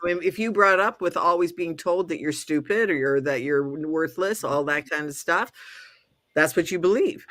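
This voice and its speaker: Bright-voiced woman in her sixties coaching. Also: on the low side, normal speed. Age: 60s. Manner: earnest, coaching tone, affirms often. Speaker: talk show co-host. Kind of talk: casual chat.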